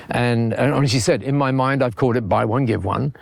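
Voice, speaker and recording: An older Australian man, a podcast guest, telling stories in an animated way, often repeating words and laughing between points. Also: mid-range voice, moderate pace, creaky, hardly any pauses, no echo. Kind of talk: conversational podcast storytelling.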